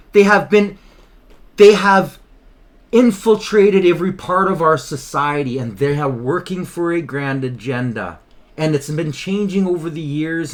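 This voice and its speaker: A man hosting his own channel, delivering an impassioned, emphatic political commentary monologue with frequent repetition. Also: on the high side. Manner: impassioned, emphatic, repeats himself. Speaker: channel host.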